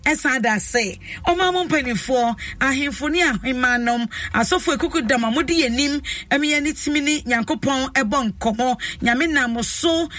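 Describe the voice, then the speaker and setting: A woman's voice: high voice, fairly bright tone, no echo, recorded from a distance. A woman with a Ghanaian accent hosting a talk show, effusive and emphatic, stretching out her phrases. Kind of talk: lively talk show chat. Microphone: studio microphone.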